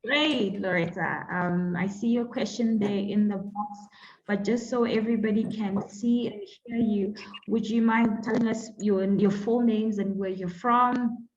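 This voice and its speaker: Chatty female webinar host on a dull, lo-fi video call line, mid-pitched. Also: fairly even intonation, unhurried, slight background noise. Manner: chatty, many fillers, warm welcoming phrasing. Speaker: webinar moderator. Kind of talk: hosting an online panel Q&A.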